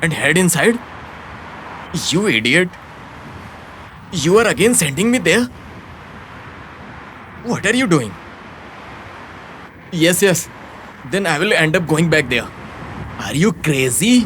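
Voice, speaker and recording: A man's voice: a little high, sing-song, slow, long pauses, fairly bright tone, slight background noise, exaggerated voice. A man voicing a fed-up office worker in a dubbed film, grumbling and easily confused. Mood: bewildered. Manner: grumbling, bewildered. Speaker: office employee turned hired agent.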